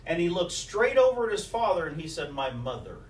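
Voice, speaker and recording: A man's voice: high voice, big pitch swings, fairly quick. A man preaching a sermon as the pastor, telling stories and quoting scripture along with old sayings of mothers. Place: church sanctuary. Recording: echoey church recorded from a distance.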